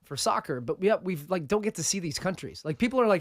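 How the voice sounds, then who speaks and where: A man's voice: high voice, expressive, no echo, studio quality. A man in his thirties, a soccer analyst guest, telling travel stories in casual chat. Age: 30s. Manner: fast, chatty storytelling.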